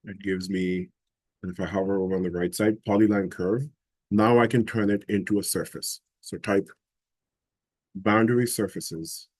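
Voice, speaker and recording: A man teaching a live software class, explaining each step and thinking aloud as he works. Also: deep voice, fairly even intonation, moderate pace, dry recording. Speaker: instructor.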